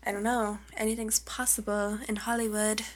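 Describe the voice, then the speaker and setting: A young woman co-hosting a podcast, gossiping casually, saying "like" constantly, with excitable gasps and squeals. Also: mid-range voice, normal speed, slight background noise. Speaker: podcast co-host.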